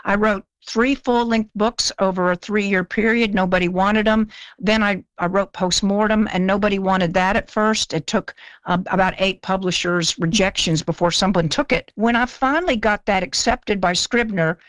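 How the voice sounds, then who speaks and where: A woman's voice: mid-range voice, moderate pace, no room sound. Older lady telling stories, chatty n self-deprecating, dry close sound. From American South. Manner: chatty, self-deprecating, repeats words when starting. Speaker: guest author. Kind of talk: casual interview storytelling.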